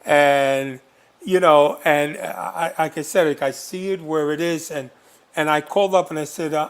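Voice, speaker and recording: A man telling stories as a guest in an interview, animated and full of fillers. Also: a little high, normal speed. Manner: animated anecdotes, frequent fillers. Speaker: guest, former undercover agent. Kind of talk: storytelling interview.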